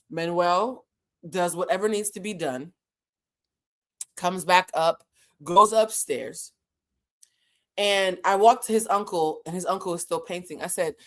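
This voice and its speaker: With a mid-range voice at normal speed, a woman who coaches emotional intelligence recounts a story on her vlog. She sounds animated and exasperated and performs the quoted lines.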